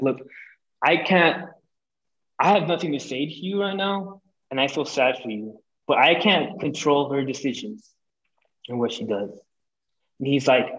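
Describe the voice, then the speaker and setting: A young man on a podcast telling a personal story casually, swearing and acting out what people said. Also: medium pitch. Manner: animated, swearing, acts out quotes. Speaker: podcast guest. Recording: dull lo-fi audio.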